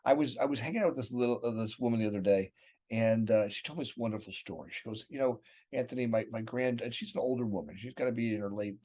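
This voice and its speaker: A man's voice: medium pitch, vocal fry, darkish tone, slightly rough. Rambling man talking business. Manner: rambling, repeats words, tags sentences with "right?". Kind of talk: casual business chat.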